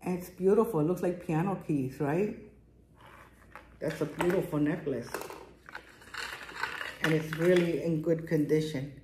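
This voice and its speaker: Her low voice moves at a measured pace, broken by long pauses, as this middle-aged jewelry vlogger enthusiastically shows pieces in her home garage. She has a strong non-native accent and keeps the haul vlog casual. Faint noise and echo fill the room.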